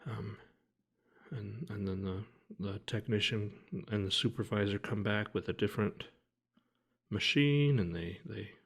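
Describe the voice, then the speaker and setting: A man telling a personal story to the camera in a quiet, heavy way, halting often and restarting his sentences. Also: on the low side, gravelly, slightly rough. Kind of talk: personal account told to camera.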